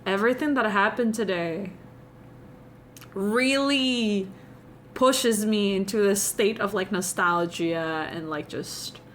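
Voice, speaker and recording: Young woman streamer, Indonesian accent, mid-pitched, rambling and confiding with her viewers, faint room hum behind. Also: measured pace, hardly any pauses, fairly bright tone. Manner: meandering, confiding, chatty with viewers. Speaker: livestreamer. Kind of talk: casual live-stream chat.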